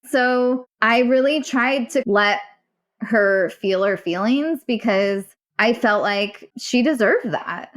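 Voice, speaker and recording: A woman's voice: on the high side, slow, a bit bright. A woman telling her own story as a guest: earnest, emotional, and swearing now and then. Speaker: guest recounting a personal story. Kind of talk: candid storytelling.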